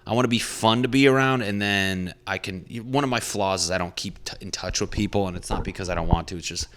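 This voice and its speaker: A man's voice: deep voice, fairly even intonation, fast talker, a bit bright, slight background noise. A young man, a comedian hosting his own podcast, talking in a rambling, profane, self-reflective way. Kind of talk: casual solo podcast monologue.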